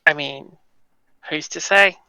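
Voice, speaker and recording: Slow, very bright player with coy answers. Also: mid-range voice, vocal fry, no echo, rough recording. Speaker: tabletop game player. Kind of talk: casual in-character play.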